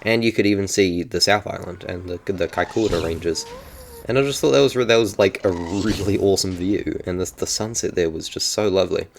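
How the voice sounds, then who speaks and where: A man's voice: sits low, a little fast, vocal fry, slight background noise. A young man with a New Zealand accent chatting casually in a vlog, rambling and often correcting himself. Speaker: YouTuber.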